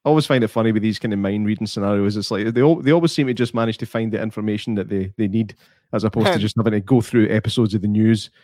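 A man's voice: fairly low pitch, rapid-fire, a little mellow, dry recording, studio quality. Laid-back man in a film chat. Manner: laid-back, jokey, thinks aloud with restarts. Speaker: podcast co-host. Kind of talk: casual film review chat.

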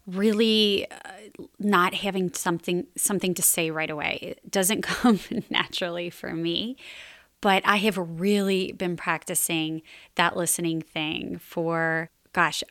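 Mom podcaster talking through family tips, earnest and chatty, little laughs, dry close sound. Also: female voice, fairly low pitch, no room sound. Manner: earnest, conversational, with small laughs. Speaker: podcast host and mother. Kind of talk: faith-based parenting advice talk.

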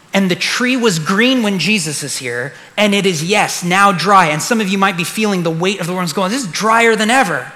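Recorded in a large hall with long reverb, this male preacher speaks in a high, sharp voice. His sermon is earnest and forceful, and he leans on repeated key phrases to drive points home.

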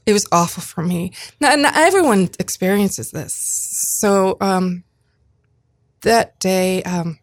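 A woman in her fifties, a guest in an interview, tells a personal story earnestly, often restarting and repeating herself. Her voice is mid-range, she speaks slowly, and the recording is dry.

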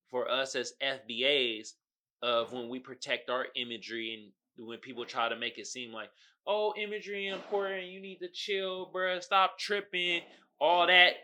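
A man hosting a casual solo podcast in African American Vernacular English, slangy and profane, swinging between muttered asides and loud outbursts. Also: medium pitch. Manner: slangy and profane, keeps asking "you feel me?". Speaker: podcast host.

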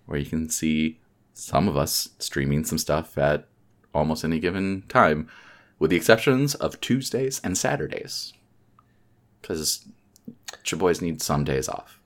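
A man hosting a casual podcast, wrapping up the episode in a relaxed, rambling way with plenty of fillers. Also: a bass voice, unhurried, pauses often. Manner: laid-back, rambling sign-off with fillers. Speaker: podcast host.

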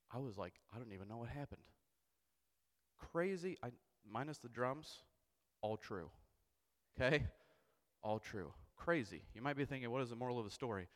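Storytelling pastor in a reverberant hall. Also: male voice, medium pitch. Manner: animated, self-mocking storyteller who keeps asking "okay?". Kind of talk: storytelling sermon. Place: church sanctuary. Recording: long church hall reverb.

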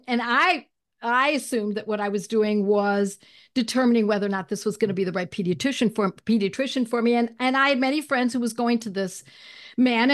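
A woman guest in an interview, telling a personal story in an animated way and clearing her throat now and then. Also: on the high side. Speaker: guest, homeopathy educator.

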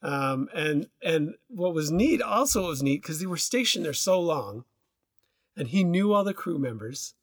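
In clean, echo-free studio audio, a podcast co-host with a slightly high male voice talks at a moderate speed. His casual storytelling wanders, relaxed and loose, full of restarts.

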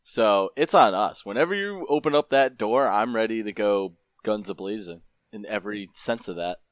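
A man playing a tabletop game, animatedly planning moves out loud. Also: fairly low pitch, lively intonation, normal speed, no room sound. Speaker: player.

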